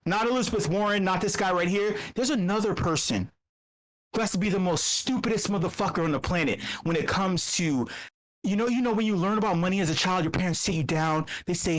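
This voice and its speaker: Over a computer mic in an online meetup, a host with a medium-pitched, fairly quick voice delivers a profane comedic rant about finance. Tired and rambling, they stammer, restart sentences, and use mock quotes, all in poor audio.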